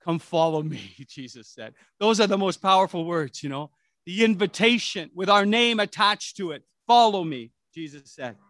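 A middle-aged man preaches as a pastor in a loose, conversational way, often restarting and adding asides. His voice sits high and sounds bright and forward. The recording is dry and close. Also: lively intonation, moderate pace, no room sound. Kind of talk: sermon.

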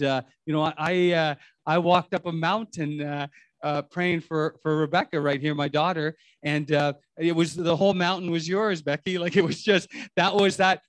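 A man's voice: fairly high pitch, dry recording. A middle-aged man preaching a sermon in a rambling, conversational way, full of restarts and asides. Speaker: pastor.

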